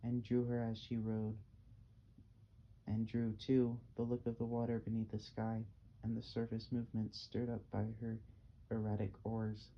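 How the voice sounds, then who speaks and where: A man's voice: lowish voice, monotone, moderate pace. A man reading a novel aloud as an amateur audiobook, plain and unpolished with small slips and restarts. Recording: dull lo-fi, faint hiss.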